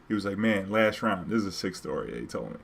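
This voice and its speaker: A young man with a somewhat low voice tells a story in an easy, laid-back way. His talk is slangy and loose, and he breaks into laughter at his own story. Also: sing-song, fast, gravelly, breathy edge. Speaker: streamer telling a story. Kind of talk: casual storytelling.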